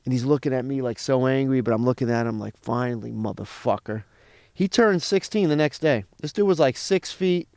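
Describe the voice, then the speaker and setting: A man's voice: medium pitch, brisk, few pauses, clean tone, no room sound, studio quality. A man, a comedian guest telling a profane story in casual chat and acting out what others said. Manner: animated, profane, acts out other people's lines.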